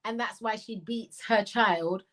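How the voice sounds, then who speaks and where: A middle-aged woman from Jamaica with a Jamaican accent, hosting a casual livestream, talking in an animated, blunt way and mixing in patois. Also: medium pitch, unhurried, low-quality recording. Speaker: livestream host reading viewer chat.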